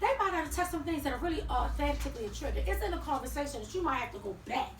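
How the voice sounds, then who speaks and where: A woman leading a training workshop, talking directly to her audience in an animated way. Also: sits high, very fast. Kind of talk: teaching a workshop with role-play. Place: training room. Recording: echoey room from far off, faint noise.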